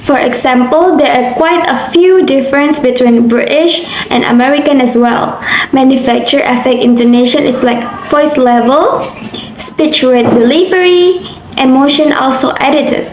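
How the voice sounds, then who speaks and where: High-voiced young woman reading notes. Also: normal speed. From Indonesia. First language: Indonesian. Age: young adult. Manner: careful reading with occasional slips. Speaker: university student. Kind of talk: reading a class assignment aloud. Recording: roomy echo, faint background noise.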